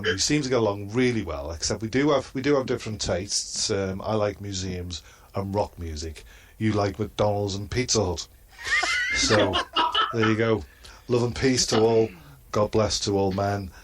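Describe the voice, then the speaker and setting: A man doing a comedy roast in a halting, hesitant delivery and chuckling at his own crude jokes. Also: lowish voice. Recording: noisy line.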